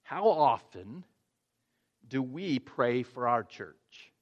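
A man's voice: medium pitch, sing-song, very slow, dull audio. A male pastor preaching a sermon, earnest, restarting phrases and rising to emphatic points.

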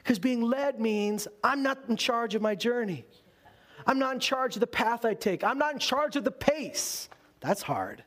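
High-voiced Canadian pastor preaching. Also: male voice. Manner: earnest preaching, drops to hushed tones for scripture. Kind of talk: sermon.

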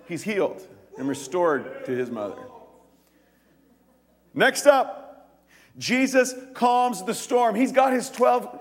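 A man preaching a sermon as pastor, telling stories in an animated way and acting out the quoted lines in quick voices. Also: high voice, big-room sound.

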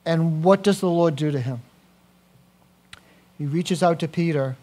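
A man preaching a sermon as a pastor, animated, swinging from quiet to loud with personal asides. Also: on the high side, unhurried.

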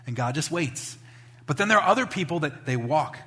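Bright-voiced man preaching in a hall. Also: a little high, brisk. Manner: conversational, animated storytelling with acted-out voices. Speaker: pastor. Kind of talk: sermon. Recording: long hall reverb.

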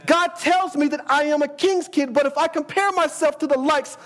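A man's voice: extremely high pitch, normal speed, fairly bright tone. A man preaching a sermon, emphatic, often repeating words as he builds a point and quoting scripture.

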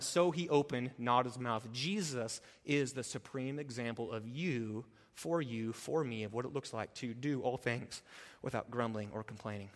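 A man preaching a sermon as pastor, passionate, swinging from loud emphatic stretches to quiet, low appeals. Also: normal speed, long reverb tail. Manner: impassioned, rising to loud emphatic preaching then dropping low.

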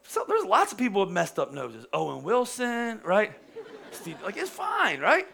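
A man's voice: high voice, huge pitch swings, moderate pace, vocal fry, fairly bright tone, some chatter behind. A man in his forties preaching a sermon in a conversational, joking way, often restarting his sentences. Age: 40s. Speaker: pastor.

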